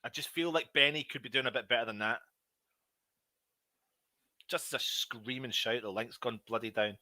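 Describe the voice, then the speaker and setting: A man hosting a live fan watch-along, commentating on the match, shouting at big moments and grumbling at his own players. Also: medium pitch, moderate pace, no echo. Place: at home.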